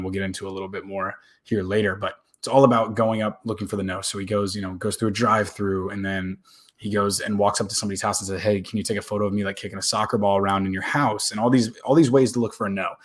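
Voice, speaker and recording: A young man vlogging to camera in a casual, rambling way, often repeating words and swearing now and then. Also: fairly low pitch.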